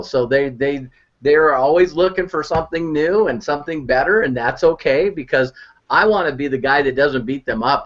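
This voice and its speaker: A man telling an animated story as an online marketing mentor on a live video call, repeating words as he goes. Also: a little high. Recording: muffled video call audio.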